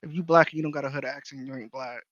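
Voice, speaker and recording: A man's voice: medium pitch, steady tone, rapid-fire, fairly bright tone, no room sound, lo-fi sound. Blunt, slangy man in podcast banter. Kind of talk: casual podcast chat.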